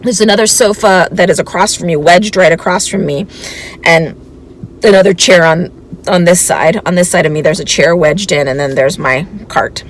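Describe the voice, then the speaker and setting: A woman reseller vlogger telling a thrift-store story in a chatty, animated way. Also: fairly low pitch, normal speed, a little hiss or hum. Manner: chatty, animated, laughs between lines. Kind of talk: casual storytelling vlog.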